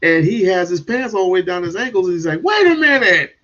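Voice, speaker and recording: A man hosting a livestream, ranting in commentary with sudden loud bursts and chuckles. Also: sits high, quick pace, highs cut off. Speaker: streamer host.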